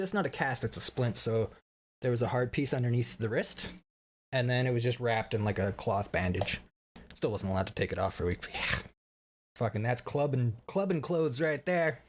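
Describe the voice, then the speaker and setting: Rambling casually through a stream update, a roughly thirty-year-old man speaks at medium pitch, cursing frequently and cracking himself up with his own stories.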